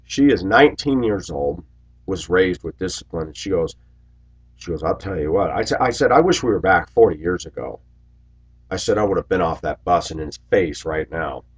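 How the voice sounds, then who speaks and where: A man in his forties telling stories in a rambling monologue to his viewers, raising his voice loudly when he acts out what people said. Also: deep voice, expressive, moderate pace, husky, muffled recording. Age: 40s. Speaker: video blogger. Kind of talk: casual monologue to camera.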